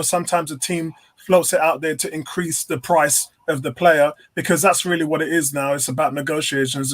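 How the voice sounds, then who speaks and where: Earnest man sharing insider news. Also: fairly high pitch. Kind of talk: casual fan stream chat.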